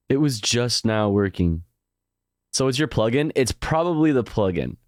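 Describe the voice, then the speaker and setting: A man's voice: on the low side, animated, unhurried, gravelly, pauses often, no room sound, studio quality. A man hosting a livestream, casually chatting and joking as he greets viewers by name one after another. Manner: playful, jokey, greets chat members one by one. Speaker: livestream host.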